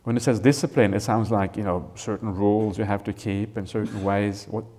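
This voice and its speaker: A male Buddhist monk teaches at a retreat, explaining a scripture in a gentle, unhurried way. His voice sits low and sounds warm and relaxed. He fills pauses with "uh" and often checks in with a "right?". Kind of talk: Dharma talk explaining a scripture. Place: retreat hall.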